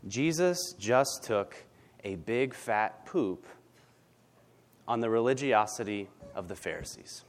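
A man's voice: lowish voice, expressive, takes it slowly. A male pastor preaching a sermon in a blunt, conversational way, often asking "right?". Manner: blunt, conversational, tag questions.

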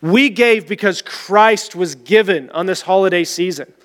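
A man preaching a sermon as pastor in a church, talking in an animated, conversational way. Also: high-pitched, measured pace, in a large hall. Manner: animated, conversational, acts out voices.

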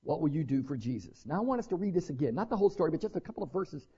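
A man preaching a sermon as pastor, animated and conversational, with asides to his congregation. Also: a little high, rapid-fire, slightly rough, muffled recording.

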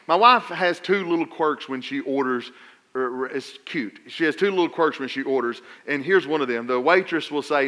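A middle-aged man preaching a sermon, telling funny stories and swinging between loud emphasis and quiet asides. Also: fairly high pitch, brisk. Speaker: pastor.

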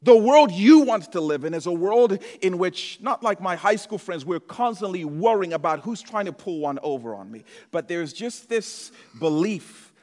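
A man preaching a sermon as pastor, swinging between loud emphatic lines and hushed ones. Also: sits high, animated, normal speed, hardly any pauses. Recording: echoey hall reverb.

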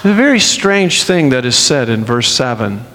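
A man's voice: medium pitch, big pitch swings, normal speed, a bit bright, in a large hall. A man preaching a sermon with an emphatic delivery, acting out the quotes he reads.

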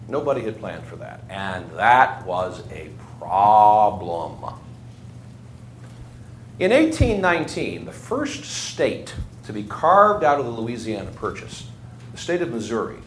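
A man giving a conversational history lecture to a class, asking his students questions as he goes. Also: medium pitch. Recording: echoey room, faint ambient noise.

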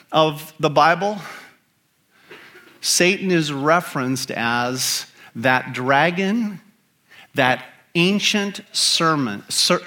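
A man's voice: medium pitch, bright, forceful tone. A man preaching a sermon as pastor, emphatic and asking the congregation rhetorical questions.

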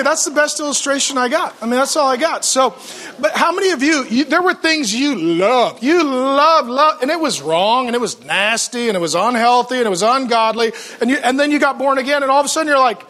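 A man's voice: extremely high pitch, pushed and bright. A man preaching a sermon as pastor in a church, telling stories with playful acted-out quotes.

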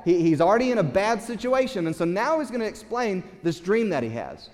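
A pastor preaching a sermon, retelling a story in an animated way with chuckles and stumbles over repeated words. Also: male voice, high voice, brisk. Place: church. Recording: long hall reverb.

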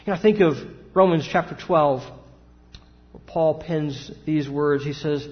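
Man, pastor, sermon, high voice, long hall echo. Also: measured pace. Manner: preaching with rising emphatic outbursts and rhetorical questions. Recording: dull sound with long hall reverb.

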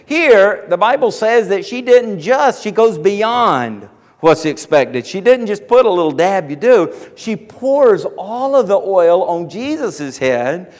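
High-voiced preacher in a reverberant church. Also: male voice, takes it slowly. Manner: folksy storytelling, animated, frequent restarts. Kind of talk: sermon. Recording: long hall reverb.

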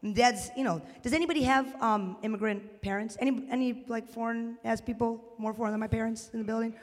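Animated woman doing stand-up in a hall. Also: on the high side, fast, few pauses. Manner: animated, swings into loud shouted bits. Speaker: stand-up comedian. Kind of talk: stand-up comedy set. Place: live comedy venue with audience. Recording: live room with long reverb.

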